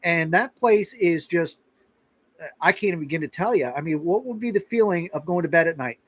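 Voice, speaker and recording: A middle-aged man hosts a casual live chat, his voice pitched slightly higher than most men's. He rambles along conversationally, doubling back with restarts and little asides. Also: expressive, brisk, fairly bright tone, no echo, low-quality recording. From Florida. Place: rural outpost in western Kentucky.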